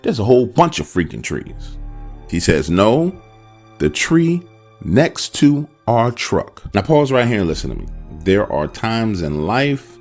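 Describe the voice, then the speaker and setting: Man telling a true scary story, swooping animated voice, dramatic pauses, faint music underneath. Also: medium pitch. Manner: dramatic, addresses listeners directly. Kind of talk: first-person horror story narration.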